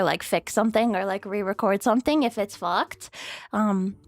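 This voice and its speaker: Rambling and giggly, this young woman talks casually with her stream viewers, swearing openly and breaking into squeaky high moments. She speaks at normal speed with no echo, and faint music plays behind her.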